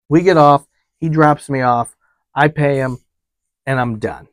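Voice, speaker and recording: A man's voice: mid-range voice, unhurried, long pauses, dry recording. A man who works as a travel advisor, animatedly retelling a trip story with quoted dialogue and frequent fillers. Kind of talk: storytelling vlog.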